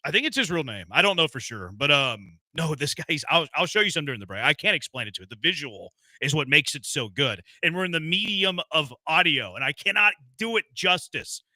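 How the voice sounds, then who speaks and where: A man's voice: fairly high pitch, big pitch swings, brisk, hardly any pauses, sharp tone, no room sound. A man hosting a sports radio show, joking around in playful, casual banter with his co-host. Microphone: studio microphone.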